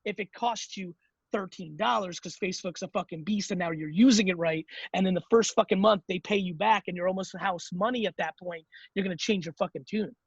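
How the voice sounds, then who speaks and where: A man's voice: sits high, fairly quick, creaky, slightly rough, no room sound, muffled recording. A man hosting a call-in advice show, talking bluntly and emphatically with lots of profanity. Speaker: show host giving business advice.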